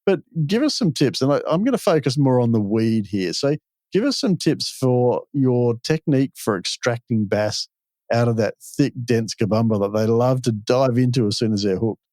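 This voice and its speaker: A man's voice: mid-range voice, animated, normal speed, a little mellow, dry recording, studio quality. An Australian man hosting a fishing podcast, explaining things patiently in a folksy, conversational way. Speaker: podcast host.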